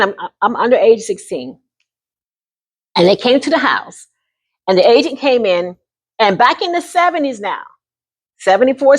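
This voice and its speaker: A woman in her sixties telling a personal story to camera in an animated, folksy way, often calling the listener honey. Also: a little high. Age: 60s. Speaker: vlogger.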